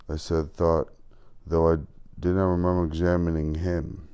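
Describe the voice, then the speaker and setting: A man narrating an audiobook in the first person, reading at a measured pace with small slips. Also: low-pitched, fairly even intonation, mellow, clean tone, lo-fi sound. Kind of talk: scripted narration.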